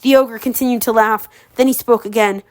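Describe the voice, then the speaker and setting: A woman reading a storybook aloud for a relative. She keeps it informal, corrects her own slips, and pauses to chat about the story. Her voice sits a little on the high side. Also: fairly even intonation. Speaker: audiobook reader for a relative. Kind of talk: casual read-aloud with commentary.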